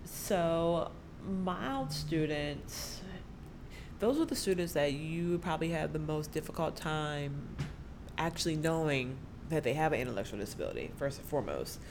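A woman's voice: low-pitched, lively intonation, moderate pace, noisy background. A woman, a special education teacher speaking as a podcast guest, talking animatedly and laughing often. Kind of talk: conversational podcast interview.

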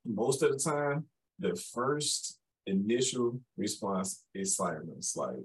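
A man from Chicago with a Chicago accent that carries a Southern touch. His voice sits on the low side, and he chats casually, agreeing readily with "yes, indeed". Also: animated, takes it slowly, husky, poor audio. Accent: Chicago with Southern traces. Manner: agreeable, often says "yes, indeed", laughs easily. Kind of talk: casual conversation.

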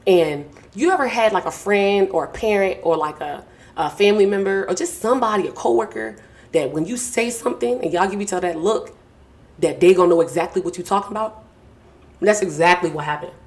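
A young adult woman hosts a podcast from a small home studio, using a podcast mic with a mixing board, and talks in a casual, heartfelt way. She is warm, effusive and slangy, thanking the people close to her over and over. Her mid-range voice has lively intonation and runs a little fast.

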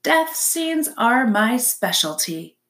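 A woman's voice: on the high side, big pitch swings, slow pace, voice pushed up, full character voice. A woman voicing a chatty, theatrical female opossum who loves to perform, in a storybook reading. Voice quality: bright, gushing, theatrical.

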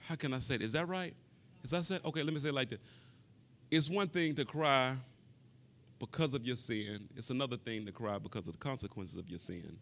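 A man preaching a sermon, talking straight to the congregation and repeating words for emphasis, moving between quiet passages and raised, impassioned ones. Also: mid-range voice, a little fast.

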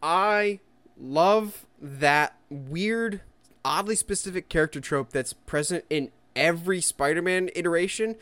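A young man co-hosting a casual chat, telling stories quickly in a jokey, lively way. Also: a little high, clean tone, no echo. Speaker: podcast co-host.

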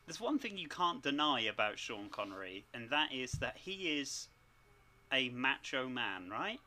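A man taking part in a casual podcast game, telling his story in an animated, vivid way. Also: mid-range voice, normal speed.

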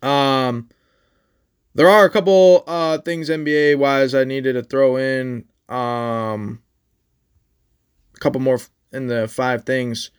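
A man's voice: medium pitch, fairly even intonation, slow pace, clean tone. A man co-hosting a sports podcast, chatting casually and with swearing, running through team standings. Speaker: podcast co-host.

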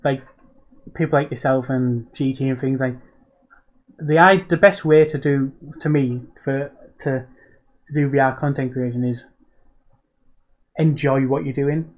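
A man's voice: mid-range voice, steady tone, unhurried, pauses often, dull audio. A man, a guest on a podcast, telling chatty anecdotes with lots of fillers. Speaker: guest, content creator. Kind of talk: casual chat.

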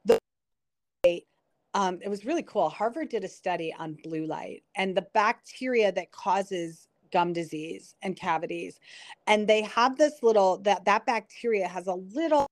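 A middle-aged woman talks in a relaxed interview, explaining and storytelling with many restarts. Her voice sits in an ordinary middle pitch. The sound is dry and close with no room behind it. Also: measured pace, no room sound. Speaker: guest, nurse and product founder. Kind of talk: conversational interview.

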